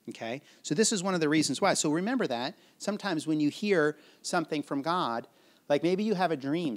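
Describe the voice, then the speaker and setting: Man preaching a casual, conversational sermon. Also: fairly high pitch. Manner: conversational preaching, asks the audience questions, chuckles. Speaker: pastor.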